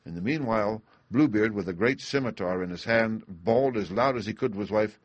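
Man reading a fairy tale out loud, steady, kinda low, dry sound. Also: no echo, lo-fi sound. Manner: measured storytelling. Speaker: narrator.

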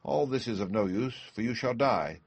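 A man's voice: mid-range voice, animated, normal speed, husky, dry recording. A man voicing a cruel, raging husband who bellows threats. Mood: cold.

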